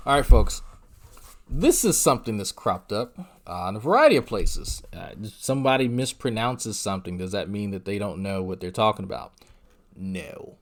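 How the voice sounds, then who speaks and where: Male streamer, slightly low voice, casual, profane, quick to laugh. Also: big pitch swings. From Louisiana. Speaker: livestream commentary host. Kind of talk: casual livestream commentary.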